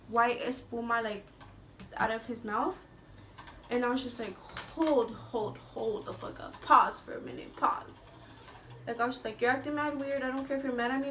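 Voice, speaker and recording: With a high, slightly bright voice and a little hiss or hum in the background, a young woman tells a story from school in a casual storytime vlog. She's chatty, swears, and leans heavily on "like."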